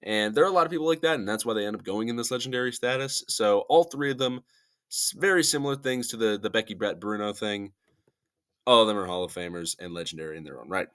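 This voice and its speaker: A man's voice: on the low side, quick pace, a bit bright, smooth. A young man YouTuber giving casual, rambling commentary and laughing at himself as he goes.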